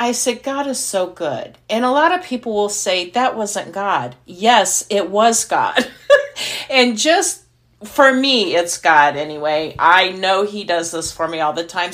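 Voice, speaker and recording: A middle-aged woman co-hosting a casual faith podcast, telling a story with animation and acting out the dialogue. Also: fairly low pitch. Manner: lively storyteller, acts out quoted dialogue. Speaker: podcast co-host.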